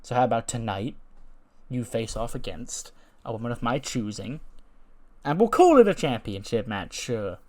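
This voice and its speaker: A man's voice: mid-range voice, sing-song, normal speed, natural voice. A man reading out the lines of a self-satisfied female general manager in a wrestling management game. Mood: smug.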